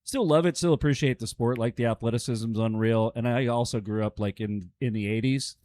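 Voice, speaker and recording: A man's voice: medium pitch, a little fast, darkish tone, no room sound. Man, 40s, laid-back storyteller, dry close mic. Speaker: podcast guest. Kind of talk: casual podcast chat.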